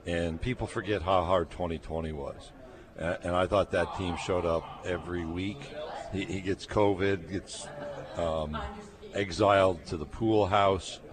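A man's voice: low-pitched, steady tone, a little slow. A middle-aged man from New York State with a Great Lakes accent, a guest telling stories with dry humor in a radio interview. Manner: anecdotal, storytelling with dry humor. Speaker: guest, conference commissioner. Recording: crowd chatter behind. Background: crowd chatter.

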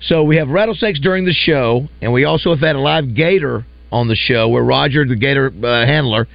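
A man's voice: mid-range voice, fairly quick, creaky, dry recording. A man hosting a morning radio show, bantering animatedly and teasing his co-host with hints. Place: radio studio. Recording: dry, dull radio studio sound.

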